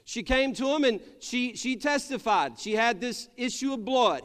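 Man, pastor, sermon, high voice, calls for amens, long church reverb. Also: animated, moderate pace, a bit bright. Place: church sanctuary.

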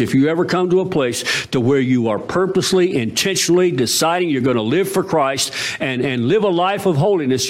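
Lively preaching pastor, swooping pitch. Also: male voice. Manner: preaching with swooping emphasis, rising to emphatic peaks. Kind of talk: sermon.

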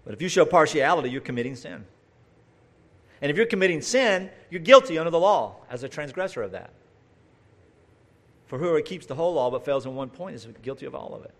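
A man's voice: a little high, expressive, fairly quick, long pauses. A man preaching a conversational sermon, talking straight to his listeners with asides and rhetorical questions.

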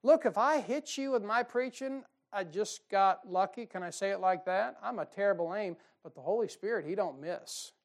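A man preaching a folksy, emphatic sermon, with sudden loud bursts and mocking quotes. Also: high voice, normal speed, hardly any pauses. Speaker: pastor. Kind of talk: fiery sermon.

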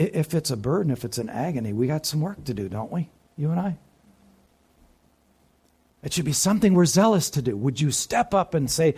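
A man preaching a sermon, often putting questions to the congregation and dropping to quieter asides. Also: mid-range voice, very animated, normal speed, breathy edge. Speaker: pastor.

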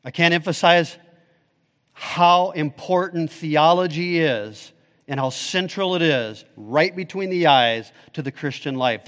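Preaching man in a reverberant hall. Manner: emphatic preaching, rising for questions and dropping low and soft for key points. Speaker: pastor. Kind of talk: sermon. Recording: long reverb of a large hall.

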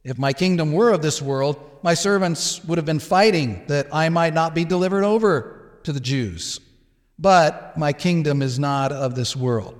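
Slow-spoken male Bible teacher. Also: fairly high pitch, long reverb tail. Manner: explanatory, with filler words and restarts, acting out quoted exchanges.

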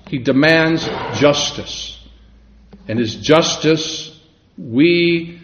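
A man preaching a sermon in an earnest, measured way, slowing down for emphatic scripture quotes. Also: on the high side. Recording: echoey room, dull lo-fi sound.

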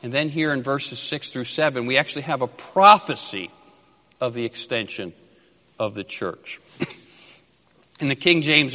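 A man preaching an expository sermon, emphatic and repeating key phrases, dropping low at the ends of phrases and reading scripture slowly. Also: bright, forceful tone. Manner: reads scripture slowly and deliberately. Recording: long hall reverb.

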